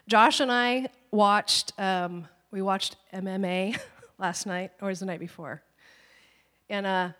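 A woman in her thirties preaching a sermon, telling personal stories in a conversational, animated way and acting out quoted voices. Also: medium pitch. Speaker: pastor. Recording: long reverb of a church hall.

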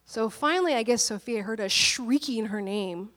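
A woman pastor in her thirties, slightly hoarse from a cold, telling a personal story in an animated, candid sermon. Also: a little high, moderate pace, in a large hall.

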